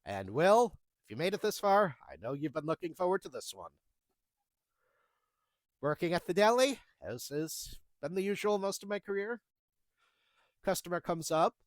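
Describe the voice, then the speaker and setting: A man's voice: high voice, sing-song, normal speed, pauses often, no room sound. A man in his thirties telling retail work stories in a casual, wry way, acting out the dialogue as he goes. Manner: chatty, wry, acts out the dialogue. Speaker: storyteller recounting retail jobs. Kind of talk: casual storytelling.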